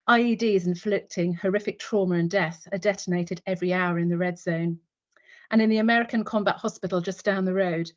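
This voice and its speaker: A woman in her fifties speaks in a low, settled voice, drawing listeners into a vivid story told in the second person. She is a guest speaker on an online webinar, and the audio comes through a dull, lo-fi video call. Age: 50s. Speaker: guest speaker, retired military nurse.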